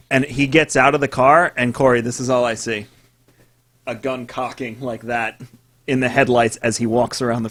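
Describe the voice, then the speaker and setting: Animated storytelling man. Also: medium pitch. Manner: animated storyteller acting out voices, swearing. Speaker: podcast co-host. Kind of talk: casual storytelling chat.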